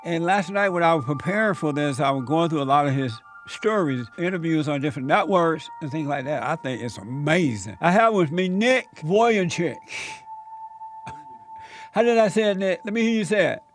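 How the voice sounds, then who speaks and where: Talk show host, male, slightly high voice, easygoing and chatty, laughs a lot. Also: expressive, moderate pace, faint music behind. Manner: friendly, chatty, laughs easily. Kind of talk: casual interview.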